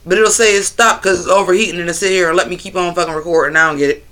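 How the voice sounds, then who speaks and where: A man's voice: high-pitched, fairly even intonation, racing, bright, forceful tone. A man hosting a casual livestream on his phone, talking loosely and profanely while answering his chat. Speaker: livestream host.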